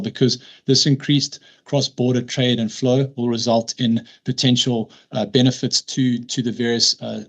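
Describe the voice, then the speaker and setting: A man from South Africa giving a formal presentation at a public hearing, measured in delivery, often pausing with fillers and restarting words. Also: medium pitch. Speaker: licence applicant presenting.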